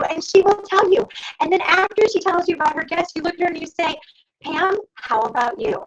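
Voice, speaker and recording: High, animated woman on a lo-fi call. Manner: fast, animated, exclamatory, addresses listeners as "you guys". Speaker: sales director coaching her team. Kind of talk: energetic sales training talk. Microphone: computer mic on a video call. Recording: dull lo-fi video call audio.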